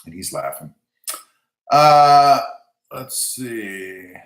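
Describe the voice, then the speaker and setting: A man's voice: medium pitch, big pitch swings, extremely slow, roomy sound. A man with a Southern American accent hosting a casual live stream, chatting loosely and reading viewer comments aloud with lots of filler words. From South Texas. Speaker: channel host reading live chat.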